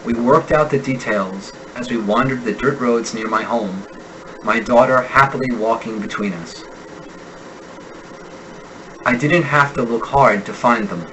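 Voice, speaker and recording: A man with a General American accent, an accent instructor reading example sentences and single words slowly and deliberately in a pronunciation lesson. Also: mid-range voice, fairly bright tone, a little hiss or hum, low-quality recording. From United States. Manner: slow, deliberate enunciation of sample words.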